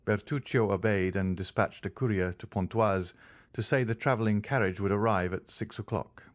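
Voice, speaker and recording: A man narrating a classic novel as an audiobook, in a steady, formal storytelling manner. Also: on the low side, moderate pace, dry recording. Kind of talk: scripted narration.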